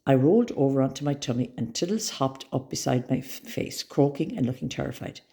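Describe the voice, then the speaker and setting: A woman reading a children's story aloud with expressive, dramatic storytelling. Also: very deep voice, a little fast, gravelly.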